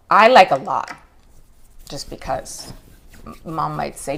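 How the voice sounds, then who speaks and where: A woman in her forties hosting a live skincare chat, talking in an emotional, chatty way, her voice jumping high when she greets viewers. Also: slow, vocal fry, long pauses. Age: 40s. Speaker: beauty show host.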